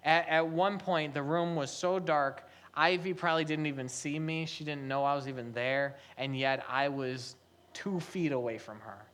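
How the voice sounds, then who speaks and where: A man's voice: fairly high pitch, moderate pace, fairly bright tone, clear, resonant tone. A man giving a sermon as pastor, telling a family story conversationally with light humor.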